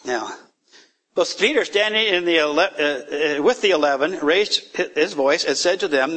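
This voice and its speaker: A man's voice: on the high side, a little fast. A man leading a casual Bible study, talking things through, reading verses aloud and joking with the group. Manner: animated, laughing, reads verses aloud.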